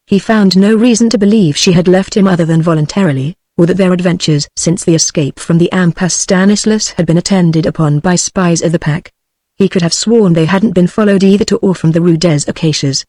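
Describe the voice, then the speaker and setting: A woman's voice: lowish voice, mellow, dry recording. British-accented synthetic female narrator, dry. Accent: British English. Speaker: audiobook narrator. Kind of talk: text-to-speech book reading.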